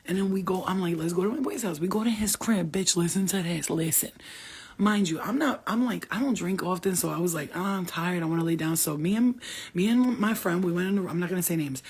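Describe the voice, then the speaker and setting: Very husky, gravelly woman telling stories. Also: on the low side, fairly quick. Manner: blunt, profane, animated gossip. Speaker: host talking about spirit guides. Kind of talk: casual storytelling livestream.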